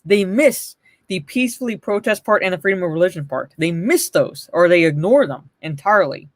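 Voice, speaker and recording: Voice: mid-range voice, expressive, brisk, dry recording. A livestream host giving blunt, profane, mocking commentary and answering chat messages.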